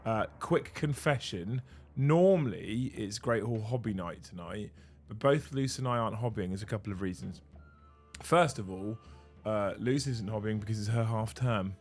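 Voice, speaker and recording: A middle-aged man hosts a relaxed livestream with a hoarse, worn voice. He chats loosely, swears casually and pokes fun at himself, over faint background music. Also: on the low side, moderate pace. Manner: chatty, swears casually, self-mocking. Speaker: streamer host.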